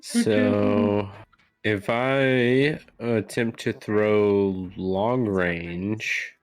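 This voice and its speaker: A man playing a tabletop game, talking slowly and hesitantly while checking his rules and spells. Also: on the low side, fairly even intonation, no echo. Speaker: player. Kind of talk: casual tabletop game chat.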